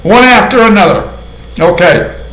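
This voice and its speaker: A man talks through a casual commentary with a sardonic edge and keeps breaking into laughter at his own dark jokes. His voice sits fairly high, and the sound rings around an echoey room. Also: sing-song, unhurried. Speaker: video commentator.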